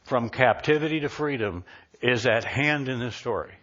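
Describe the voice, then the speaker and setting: Male minister, mid-pitched, preaches casually to his congregation, dull church recording. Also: normal speed, a bit bright. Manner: conversational, asks the congregation questions. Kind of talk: live sermon. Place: church sanctuary.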